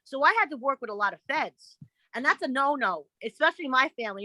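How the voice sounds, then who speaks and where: She's an animated podcast guest whose high, bright, crisp voice moves a little fast as she swears freely and imitates others while telling blunt stories. The audio is dry and close with no room sound, though poor overall.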